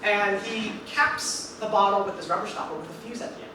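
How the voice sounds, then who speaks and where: A young man performing a one-man stage story, animated and acting out each scene. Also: sits high, a little fast. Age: young adult. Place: theater stage before an audience. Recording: echoey live theater, distant mic, noisy.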